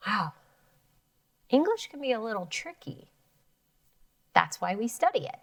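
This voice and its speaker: Woman teacher doing phonics for kids, slow and clear, sounds a bit far from the mic, dry room. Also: a little high, sing-song, no room sound. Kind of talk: phonics lesson for children.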